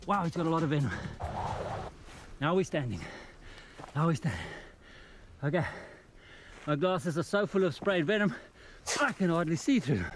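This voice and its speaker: Excitable man giving field commentary. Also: fairly high pitch, normal speed, long pauses, music in the background. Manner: excitable, exclaiming, talks to the animal. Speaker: wildlife documentary host. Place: outdoors in the wild.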